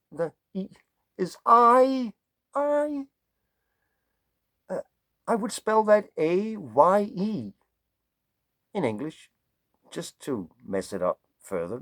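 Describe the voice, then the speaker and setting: A man's voice: sits high, sing-song, slow, long pauses, no echo. A man from Denmark with a Danish accent, a songwriter musing in a rambling, digressive way and playing with vowel sounds. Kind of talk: casual musing monologue.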